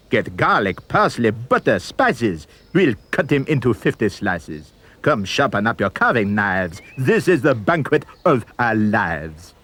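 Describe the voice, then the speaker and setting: Man playing a greedy, shouting mob. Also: on the high side, breathy edge, pitched above the performer's own voice, full character voice. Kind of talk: storybook reading.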